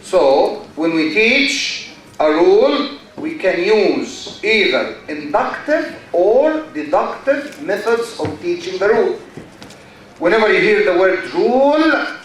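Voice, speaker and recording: Slow, high-voiced lecturer in a hall. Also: male voice, very animated, slight background noise. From Egypt. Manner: asks the class questions and answers them himself, repeats key phrases. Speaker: university lecturer. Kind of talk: classroom lecture. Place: large university lecture hall. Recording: very echoey lecture hall, mic far off.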